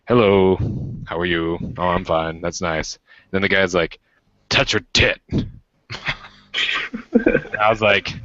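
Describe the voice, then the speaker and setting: Deep-voiced young man telling a story. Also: dry recording, lo-fi sound. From United States. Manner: animated, acts out quoted voices with pitch jumps. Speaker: podcast co-host. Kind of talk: casual storytelling chat.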